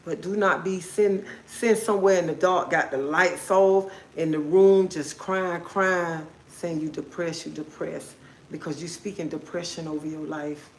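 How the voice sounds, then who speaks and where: A woman's voice: lowish voice, fairly even intonation, normal speed, hardly any pauses. Preachy encouraging woman, echoey room. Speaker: livestream host. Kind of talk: motivational livestream talk.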